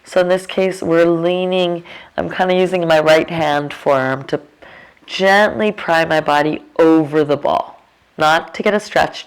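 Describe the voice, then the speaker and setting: A woman teaching a restorative yoga class, giving calm, unhurried cues with casual fillers. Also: low-pitched. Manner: slow, calm cueing with fillers. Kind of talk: guided yoga instruction.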